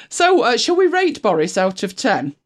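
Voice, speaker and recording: A co-host chatting loosely on a talk show, rambling with many fillers and restarts. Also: medium pitch. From United Kingdom. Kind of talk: casual panel chat.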